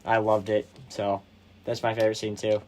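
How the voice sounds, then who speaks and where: A young man hosting a podcast, retelling movie scenes casually and excitedly, with slang and lots of "like". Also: on the low side, normal speed. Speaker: podcast host. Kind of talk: casual chat about a movie.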